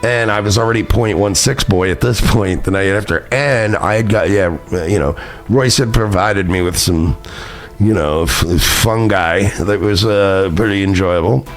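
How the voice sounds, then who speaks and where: A man's voice: on the low side, a little slow, faint music behind. A man from New York hosting a podcast, telling a story in a rambling, profane, self-mocking way while intoxicated. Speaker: podcast host. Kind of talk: casual storytelling chat.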